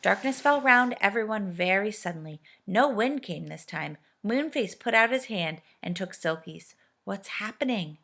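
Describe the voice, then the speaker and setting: Woman storybook reader, gentle and steady, slightly raspy voice. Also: medium pitch, moderate pace, hardly any pauses. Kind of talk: reading a storybook aloud.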